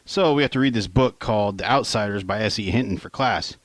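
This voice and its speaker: A man's voice: lowish voice, fairly quick, dry recording. A man reading his own first-person novel in a casual, conversational way, with offhand asides to the listener and some swearing. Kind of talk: first-person audiobook narration.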